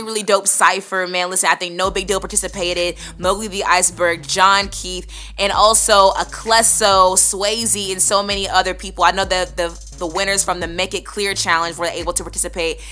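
A woman co-hosting a radio show, chatting in an energetic, casual way and often saying "listen" while giving shout-outs. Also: on the low side. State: voice still recovering.

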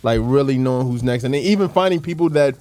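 A man hosting a casual interview, asking his guest relaxed, searching questions with some fillers. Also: medium pitch, fast talker, dry recording. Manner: easygoing, probing questions with fillers. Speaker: host.

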